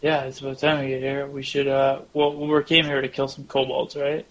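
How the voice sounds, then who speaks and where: Gravelly man playing a tabletop game. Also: medium pitch, completely flat delivery, a little fast, fairly bright tone, highs cut off. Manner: brash, swears freely. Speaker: player. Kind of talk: casual tabletop game banter.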